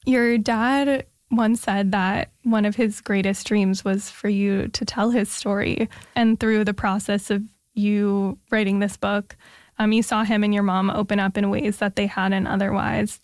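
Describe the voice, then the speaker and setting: A woman's voice: medium pitch, level tone, unhurried, darkish tone, dry recording, studio quality. A woman hosting an interview, asking thoughtful follow-up questions in a conversational way.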